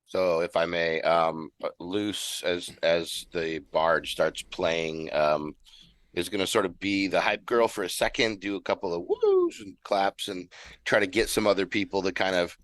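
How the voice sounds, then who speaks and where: A man's voice: low voice, sing-song, measured pace, a bit bright, no echo. A man playing a tabletop game online, describing his character's actions hesitantly as he thinks aloud. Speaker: player.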